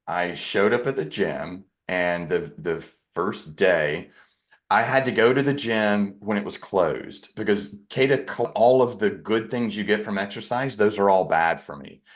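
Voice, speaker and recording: Male podcast guest, very low register, candid self-deprecating storyteller. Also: unhurried. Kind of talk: personal storytelling in conversation.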